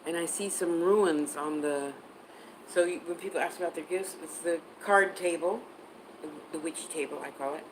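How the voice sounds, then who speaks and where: Chatty psychic woman, low voice. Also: moderate pace, background noise. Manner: chatty, answers viewer comments, spells words out. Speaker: psychic reader on a livestream. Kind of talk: casual livestream chat.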